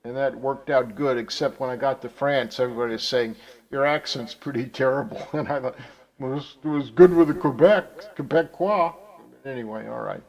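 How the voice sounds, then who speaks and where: A man from the United States hosting a casual chat, telling rambling, animated stories that trail off into asides. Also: medium pitch, brisk, creaky, poor audio. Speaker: host.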